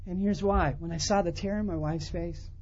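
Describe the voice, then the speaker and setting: A man who is a pastor, telling a story in a sermon to a conference with animated delivery, swinging between quiet and loud. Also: high voice, normal speed, highs cut off, a little hiss or hum. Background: audience laughter.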